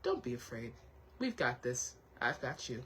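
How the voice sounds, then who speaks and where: A woman's voice: rumbling low, sing-song, a little slow, slightly rough, low-quality recording. A woman hosting a casual motivational chat, encouraging and heartfelt, who thinks aloud with frequent restarts and repeats her reassurances. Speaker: host.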